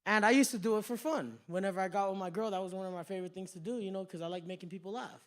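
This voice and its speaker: Guy doing standup, high voice, swears a lot, loose rambling stories. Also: rapid-fire, fairly bright tone. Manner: profane, rambling, slips into quoted voices. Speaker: stand-up comic. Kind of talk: stand-up storytelling. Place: comedy club stage.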